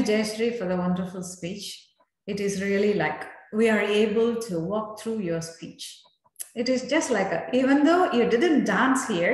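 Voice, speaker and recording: A woman guides a speaking club meeting, praising speakers in a slow, encouraging way. Her voice sits in the middle and rings through a strongly echoing room. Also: mid-range voice. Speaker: meeting evaluator. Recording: very echoey room.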